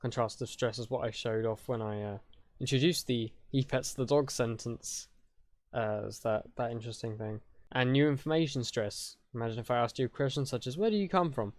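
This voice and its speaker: A man walks through a language-building tutorial in a relaxed, chatty manner, often stopping to rephrase. His voice sits mid-range, and the recording is close and dry, with no room sound. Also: medium pitch, brisk, no echo. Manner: chatty, loose, with fillers and self-corrections. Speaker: conlang tutorial host. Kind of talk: casual explanatory tutorial.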